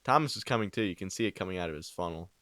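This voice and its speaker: A young man narrating a crude, improvised parody story into a home microphone, rambling and swearing with deadpan asides. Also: sits low, racing, dry recording. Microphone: new home microphone.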